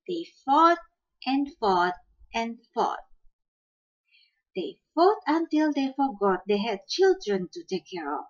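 A woman hosting and narrating a folk fable in a slow, expressive storytelling manner. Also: medium pitch, muffled recording. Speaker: storyteller host.

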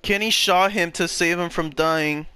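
A man reacting to a story game with loud, profane, emotional outbursts as he plays. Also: a little high, steady tone, unhurried, smooth, no room sound. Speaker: gaming channel host. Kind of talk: let's play reaction commentary.

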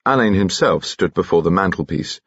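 A man narrating a mystery novel for an audiobook in a calm, measured, quietly dramatic way. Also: low voice, breathy edge, no echo, dull audio. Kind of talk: scripted narration.

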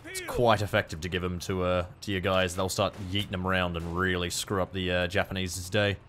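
A young Australian man giving let's-play commentary, excitable, swearing and yelping at the action on screen. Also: low-pitched, a little fast, over music. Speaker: gaming YouTuber.

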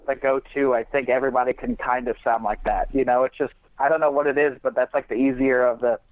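A man from Indiana, a comedian guest on a podcast, talking in a relaxed, hesitant way with many fillers. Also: medium pitch, fast talker, no echo. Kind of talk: casual podcast interview. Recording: dry, dull lo-fi sound.

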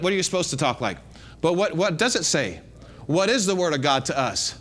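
A man's voice: on the high side, sing-song, brisk, fairly bright tone. A man preaching a sermon as pastor, emphatic, repeating lines and calling out to the congregation.

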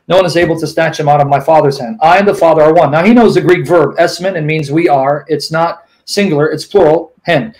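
A man arguing in a live debate, combative and rapid-fire, quoting passages from memory and pressing his opponent. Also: a little high, poor audio. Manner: quotes scripture from memory.

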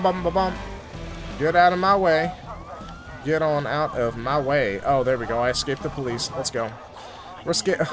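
A young man giving goofy, excitable commentary over his own video game playthrough, joking with his viewers. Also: mid-range voice. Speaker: gaming YouTuber. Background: game music and sirens.

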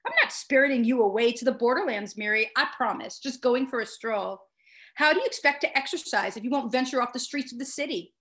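An earnest young male medic from a storybook, pleading with quiet, steady insistence, voiced by a woman reading aloud. He sits in a fairly high register and never lets the matter drop. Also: a little fast, lightly acted. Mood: teasing.

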